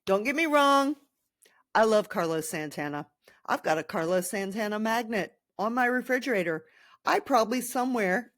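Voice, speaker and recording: Podcast host, young woman, slow deliberate delivery, sarcastic ranting, dry close mic. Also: mid-range voice, no echo. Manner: sarcastic, animated venting with crude jokes. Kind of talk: casual sports podcast rant.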